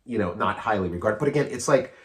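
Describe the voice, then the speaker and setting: A man's voice: fairly low pitch, animated, fast talker. A man in his forties co-hosting a podcast, chatting casually about films in a rambling, eager way full of fillers and restarts. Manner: eager, often laughing. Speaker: podcast co-host.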